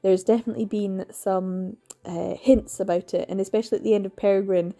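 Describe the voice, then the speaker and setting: A woman's voice: medium pitch, fairly even intonation, fairly quick, creaky, dark tone. Chatty woman reviewing books. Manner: enthusiastic, rambling, many fillers and laughs. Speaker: book reviewer. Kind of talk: casual chat.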